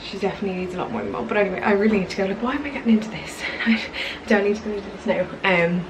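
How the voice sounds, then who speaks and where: A woman's voice: mid-range voice, very fast, reverberant, far from the mic. A young Irish woman vlogging in a casual, rambling way, with lots of "like" and "literally". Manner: chatty, rambling, fills talk with "like" and "literally". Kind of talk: casual chat to camera. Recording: noisy background ambience.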